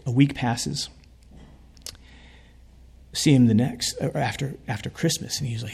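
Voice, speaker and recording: A man's voice: mid-range voice, a little slow, creaky, long pauses, a little mellow, a little hiss or hum. A man telling a heartfelt story in a sermon, speaking earnestly as a preacher.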